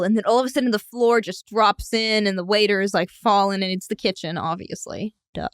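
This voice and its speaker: A woman's voice: medium pitch, no room sound, clean studio sound. A woman guest in a casual podcast chat, telling a made-up scene with playful sound effects and explaining it over and over. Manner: animated storyteller, makes sound effects, quick to explain.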